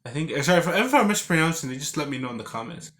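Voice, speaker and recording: A man's voice: a little high, big pitch swings, racing, fairly bright tone. A man casually recapping a video game he played, rambling with lots of "like" and restarts, and acting out characters with growls and sound effects. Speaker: game reviewer.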